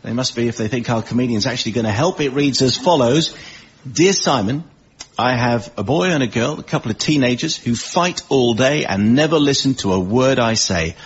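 A man's voice: medium pitch, slightly rough. A man hosting a comedy panel show, reading out scores and a listener's letter. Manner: brisk, reads scores and letters. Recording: dull broadcast audio with audience.

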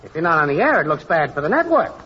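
A man's voice: a little high, sing-song, quick pace, dull audio, slight background noise. An actor playing a brash, cocky male network technician in a 1940s radio comedy.

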